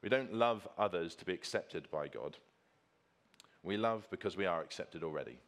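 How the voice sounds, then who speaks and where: A man's voice: sits low, lively intonation, normal speed, a bit bright. A man preaching a sermon with slides, earnest and emphatic, repeating key phrases for stress.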